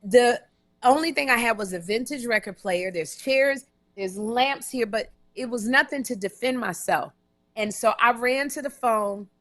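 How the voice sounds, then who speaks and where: A woman host with a bright, forceful voice tells a story in a casual, animated way. Her pitch sits a little high. The sound is dry and close, from a hotel room. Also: measured pace, no room sound. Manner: animated, emphatic, repeats herself. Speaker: talk show host and comedian. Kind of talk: casual live-stream storytelling.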